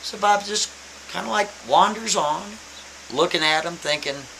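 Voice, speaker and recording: A man telling a story in a casual, animated, emphatic way, repeating his points. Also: high-pitched, measured pace, gravelly, low-quality recording. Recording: faint hiss.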